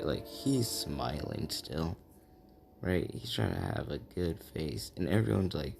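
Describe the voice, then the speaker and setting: A man's voice: very deep voice, very animated, slow, creaky, over music. A man casually telling a fan-fiction story, rambling and checking in with the listener.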